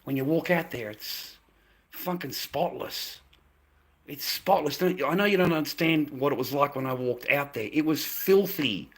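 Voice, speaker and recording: A man's voice: on the high side, moderate pace, slight background noise. A middle-aged man ranting to a live chat, exasperated, swearing and repeating himself. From Australia. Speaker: livestreamer.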